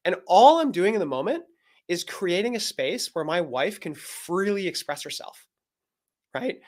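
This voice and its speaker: A man's voice: high voice, sing-song, normal speed. A man, a men's coach and guest, explaining earnestly in a live video-call interview and acting out bits of dialogue.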